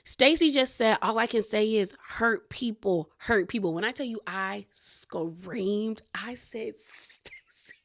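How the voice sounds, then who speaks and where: A woman's voice: mid-range voice, a little slow, hardly any pauses, fairly bright tone. A young woman recapping a reality show in casual commentary, acting out quotes of the cast members.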